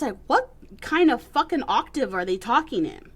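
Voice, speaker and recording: Blunt, foul-mouthed young woman, lively pitch. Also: moderate pace. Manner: blunt, swears freely, mimics whiny kids. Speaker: podcast co-host. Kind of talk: casual chat.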